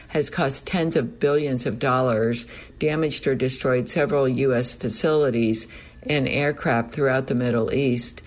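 Male news reader, mid-pitched, steady measured read of a written report. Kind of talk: reading a news report aloud.

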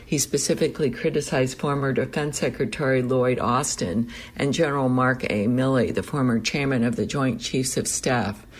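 Male news reader, mid-pitched, steady measured read of a written report. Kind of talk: reading a news report aloud.

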